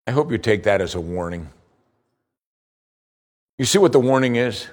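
A man preaching a sermon as pastor, reading scripture slowly and rising in pitch as he presses his points. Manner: preaching, slow scripture reading with lively rises.

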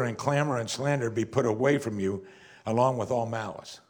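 Husky-voiced man preaching with dynamic emphasis. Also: medium pitch, moderate pace. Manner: rhetorical questions, sudden emphatic rises and quiet drops. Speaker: pastor. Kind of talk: sermon.

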